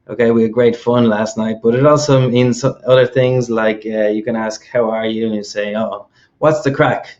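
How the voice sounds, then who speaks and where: Irish man with a soft accent, mid-pitched, teaching patiently; slightly muffled lo-fi recording. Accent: Irish, mild. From Ireland. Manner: patient, explains with examples, often checks "okay?". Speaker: host. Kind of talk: explanatory lesson.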